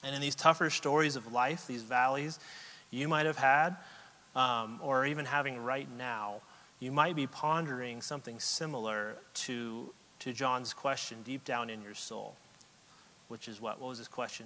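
A man's voice: medium pitch, fairly even intonation, sharp tone, slight background noise. Earnest man preaching in an echoey hall. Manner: earnest, halting with repeated starts, gets choked up. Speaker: pastor. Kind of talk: sermon.

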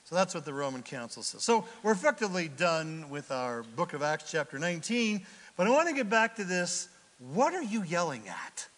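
A man preaching a sermon as pastor, folksy and animated, with sudden loud bursts. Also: fairly high pitch, fairly quick, long reverb tail.

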